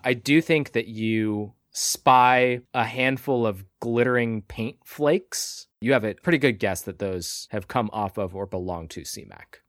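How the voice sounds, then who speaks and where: A man narrating a tabletop role-playing game as game master, describing the scene in measured detail. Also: mid-range voice, a bit bright, no room sound, clean studio sound.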